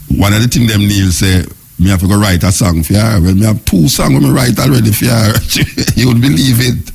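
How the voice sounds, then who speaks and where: A middle-aged man with a Jamaican accent, hosting a radio show in casual, excited patois talk. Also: lowish voice, vocal fry, breathy edge. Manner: excited, laughing, patois chatter. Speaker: radio host. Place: radio studio.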